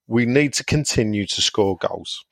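A man's voice: on the low side, measured pace, no echo, studio quality. A man hosting a casual podcast, reading listener messages aloud in a jokey, irreverent way. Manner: jokey, irreverent, chuckles between lines.

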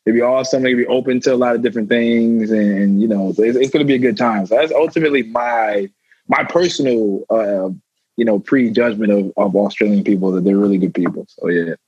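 A young man with a husky, grainy voice rambles casually and circles back over his own phrases. The sound is dry and close, with a dull, lo-fi edge from a remote call. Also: lowish voice, fast talker, darkish tone, no room sound. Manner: loose, rambling, repeats himself. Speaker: guest athlete and rapper. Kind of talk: casual interview talk.

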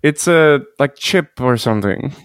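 A man's voice: medium pitch, animated, unhurried, clear, resonant tone, no room sound, clean studio sound. A man co-hosting a comedy podcast in a casual, playful brainstorm, laughing often. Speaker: podcast co-host picking ideas.

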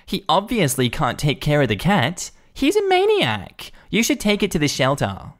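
A man voicing an entitled, condescending woman neighbor in a shrill, scornful voice. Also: wildly swooping pitch, moderate pace.

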